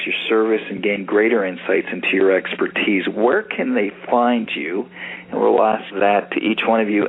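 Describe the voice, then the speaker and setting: A man hosting a panel discussion in a conversational, affirming way. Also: lowish voice. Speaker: host. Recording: tinny phone-like sound with faint hiss.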